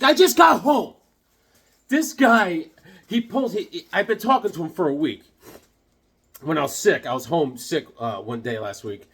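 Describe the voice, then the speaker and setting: A man's voice: fairly high pitch, slightly rough. A man chatting casually in a vlog, rambling and joking as he shows off his comic collection at home. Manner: rambling, jokey, loose.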